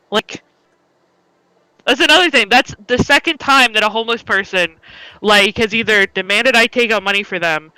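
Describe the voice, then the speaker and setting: A woman's voice: on the high side, normal speed, long pauses, pushed and bright, smooth, no echo, low-quality recording. A young woman telling stories in a casual chat, swearing freely and laughing between lines. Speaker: podcast co-host.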